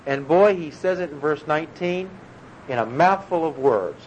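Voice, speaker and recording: A man's voice: on the high side, lively intonation, moderate pace. A man preaching an earnest, emphatic sermon, explaining a scripture passage verse by verse. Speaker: pastor. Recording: dull lo-fi recording with faint room noise.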